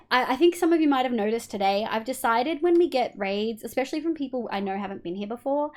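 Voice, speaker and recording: A woman's voice: fairly high pitch, expressive, fast talker, hardly any pauses, darkish tone. A young Australian woman streaming a building game, chatting casually, swearing freely and humming little sound effects as she works. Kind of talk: casual livestream chat while gaming.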